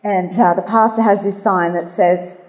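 A woman's voice: mid-range voice, steady tone, moderate pace, darkish tone. Woman, faith talk and prayer, fillers, roomy hall sound. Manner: earnest, nervous, many fillers. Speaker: guest speaker. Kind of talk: religious talk with spoken prayer. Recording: echoey hall.

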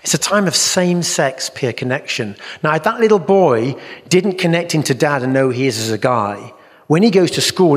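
A man's voice: a little high, expressive, brisk. Earnest male church teacher in a hall. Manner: earnest, acts out voices in stories. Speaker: Christian teacher. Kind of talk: teaching talk at a church conference. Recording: reverberant hall.

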